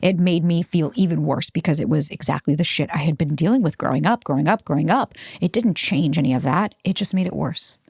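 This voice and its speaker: Woman, podcast host, blunt, swears a lot, fast talker, dry close sound. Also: sits low, creaky, darkish tone, husky, no echo. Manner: blunt and profane, acts out quoted voices. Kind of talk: self-help podcast monologue.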